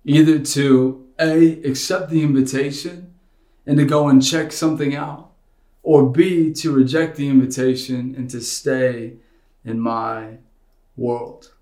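An American pastor in his thirties gives a casual online sermon from a roomy bedroom home studio. He speaks slowly in a dark, medium-pitched voice with little pitch movement, and his manner is earnest, conversational and personal.

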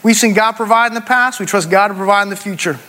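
A man's voice: high voice, quick pace, sharp tone. A man in his forties preaching a sermon, telling a personal story with emphasis and calling the congregation "y'all". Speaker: pastor. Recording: long hall reverb.

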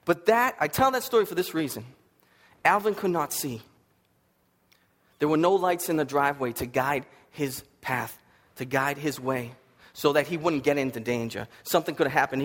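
A man delivering a sermon in a slightly high voice, building stories with animated swings between loud bursts and hushed asides. He sounds a little sniffly from allergies. A long reverb trails his words, as in a large church hall. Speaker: preacher.

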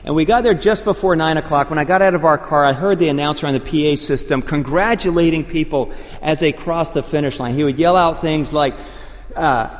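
Man, preaching a sermon, slightly high voice, long reverb of a big hall. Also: brisk. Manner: storytelling preacher, builds to loud excited proclamations. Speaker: pastor.

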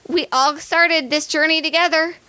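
A woman's voice: sits high, moderate pace, no room sound. A young adult woman co-hosting a casual podcast, telling stories bluntly and animatedly, with lots of swearing. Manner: profane, blunt and animated storytelling. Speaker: podcast co-host.

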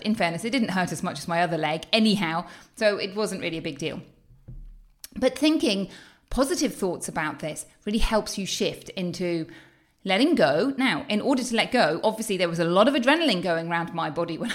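Upbeat, expressive woman health coach. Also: mid-range voice, moderate pace. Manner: expressive, animated, exclaims often. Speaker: health and weight-loss coach. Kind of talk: motivational talk to camera.

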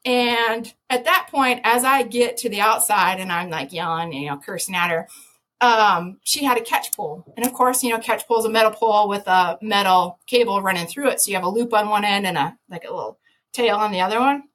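A woman, a podcast guest, telling an animated story with lots of laughter, sudden loud shouted quotes and many restarts. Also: mid-range voice, a little fast, a little hiss or hum. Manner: lively, laughing, jumps to loud shouts when quoting herself.

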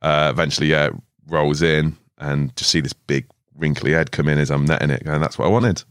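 A man's voice: rumbling low, flat delivery, a little fast, fairly bright tone, clean tone, dry recording, clean studio sound. A young man in his twenties, a podcast guest telling stories in a laid-back way, swearing often and laughing as he goes. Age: 20s. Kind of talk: casual storytelling chat. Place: podcast studio.

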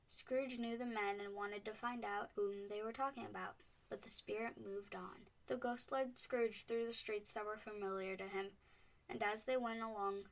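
A woman reading a storybook aloud in a clear, expressive way. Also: medium pitch. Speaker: narrator. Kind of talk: storybook narration. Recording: voice a bit distant from the mic.

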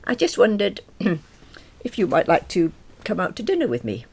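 A man's voice: huge pitch swings, normal speed, creaky, husky, full character voice. A woman reading aloud voices a confident, charming man with a rich voice, polite and lightly teasing. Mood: courteous. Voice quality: rich, deep.

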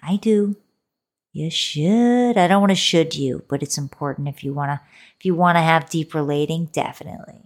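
A woman with a low, full voice speaks straight to the listener in a solo motivational talk about relationships. She is playful and coaxing, calls the listener baby, and now and then sinks into a soft whisper. The delivery feels like an intimate pep talk from a podcast host. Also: moderate pace.

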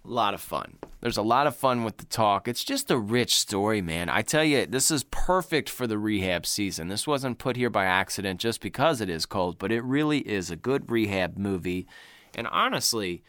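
A man's voice: lowish voice, moderate pace, no room sound. A man talks loosely about a film with a co-host, cursing freely and breaking into laughs as he retells scenes. His voice rises and falls a lot, and it sounds dry and close to the mic. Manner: animated, swearing, laughs while retelling scenes. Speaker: podcast co-host. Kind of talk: casual movie chat.

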